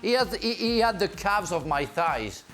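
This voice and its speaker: High-voiced French man, halting speech. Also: lively intonation, fairly bright tone, soft background music. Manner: halting, restarts often, laughs. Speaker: pundit, former defender. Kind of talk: casual panel chat.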